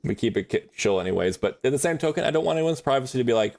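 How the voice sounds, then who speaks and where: A man's voice: medium pitch, animated, very fast, gravelly, darkish tone. A man chatting casually on a livestream while drawing, rambling in a friendly way with many fillers and restarts.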